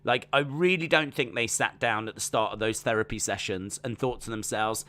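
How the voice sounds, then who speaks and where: Chatty man, bright voice. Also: mid-range voice, normal speed. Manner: rambling, chatty, full of fillers. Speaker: wrestling watch-along streamer. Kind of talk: casual live-stream commentary.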